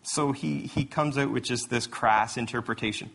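Man, pastor, conversational sermon, bright forceful tone, self-correcting storyteller. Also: medium pitch, normal speed, creaky, slight background noise.

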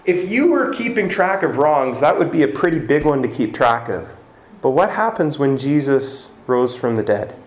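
A man preaching a sermon, conversational and animated, often repeating words as he tells stories. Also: medium pitch. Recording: roomy hall echo, faint ambience.

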